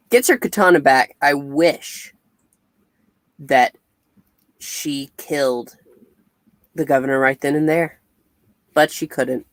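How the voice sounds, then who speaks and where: A man co-hosting a casual comic review chat, recapping the plot in a measured way and correcting details. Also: medium pitch, no echo.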